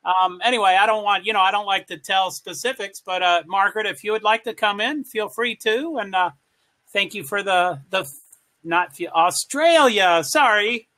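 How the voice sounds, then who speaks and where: A man's voice: high-pitched, normal speed, sharp tone. An American man co-hosting a casual live-stream chat, rambling and greeting viewers as they arrive. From United States. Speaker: co-host.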